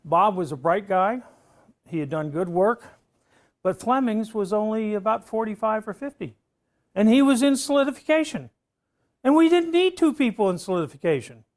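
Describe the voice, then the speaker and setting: An older male professor tells a class a story from his career. His voice sits a little high and carries a gravelly fry. He keeps stopping to ask "okay?". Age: around 70. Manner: storytelling, frequent "okay?" check-ins. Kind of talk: classroom lecture anecdote.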